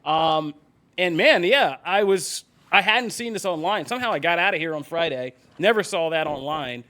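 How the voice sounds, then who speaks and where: A man hosting a casual chat show with a bright, ringing voice that sits a little high. He talks in an animated way, moving the group along and laughing easily between points. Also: moderate pace. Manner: animated, steers the topics, laughs often. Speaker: podcast host.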